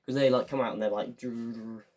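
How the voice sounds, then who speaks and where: A young fan reviewer chats casually about a show, rambling enthusiastically with plenty of fillers and acting out quotes. His mid-range voice holds a steady tone at a moderate pace and sounds a little mellow.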